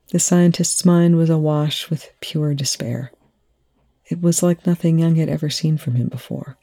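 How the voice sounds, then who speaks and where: An audiobook reader narrating a story in a measured, even way. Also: mid-range voice, creaky. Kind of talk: fan fiction audiobook narration.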